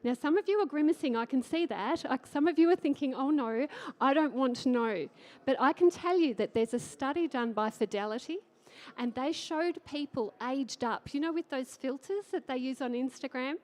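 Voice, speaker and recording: On a conference stage before an audience, an enthusiastic middle-aged Australian woman who works as a trading educator gives an energetic talk. She keeps things chatty and upbeat, often asking the crowd questions. Her voice is slightly high, a little mellow, and a little fast.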